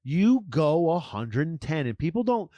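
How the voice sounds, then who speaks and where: A man co-hosting a casual podcast, loose and profane as he riffs along. His voice sits a bit high for a man and comes through dry and close to the mic. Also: big pitch swings, normal speed, warm tone, no room sound. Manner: loose, profane, riffing banter. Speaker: podcast co-host. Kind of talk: casual chat.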